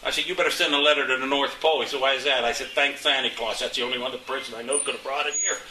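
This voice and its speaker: An older man tells his stories in a folksy, indignant way, looping back over his words. His voice is bright and sharp. It was recorded in an echoey room with a faint hum behind it. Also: medium pitch, steady tone, rapid-fire, distant mic. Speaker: interviewee, local resident. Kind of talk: casual storytelling interview.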